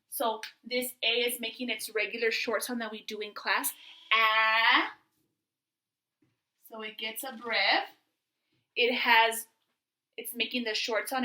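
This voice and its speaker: A woman teaching a remote phonics and reading lesson, speaking slowly and patiently and spelling out sounds for young children. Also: a little high, fairly even intonation, bright, forceful tone, poor audio.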